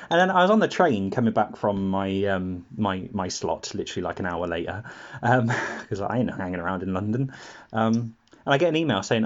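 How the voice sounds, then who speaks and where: A man's voice: lowish voice, animated, a little fast, muffled recording. A man on a podcast, telling rambling stories full of laughs and acted-out quotes, in casual chat.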